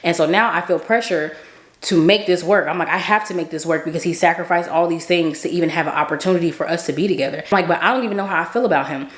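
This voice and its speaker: A woman casually telling a story about a dream, animated, acting out both sides of the conversation. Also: on the low side, fast, reverberant. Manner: animated, quotes herself and others, laughs often.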